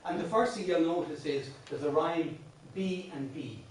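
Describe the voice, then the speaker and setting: Captured from a distance on a room mic with a bit of hiss or hum, this Irishman teaches a classroom song workshop, the space very echoey and his voice off-mic. Slightly high and darkish, he speaks at normal speed, patiently walking through verse patterns with many restarts and bursts of singing.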